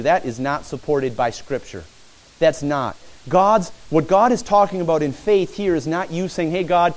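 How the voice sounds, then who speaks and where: A man's voice: fairly high pitch, darkish tone, rough recording. A man preaching a sermon as pastor, earnest and repetitive, often addressing the listeners as friends.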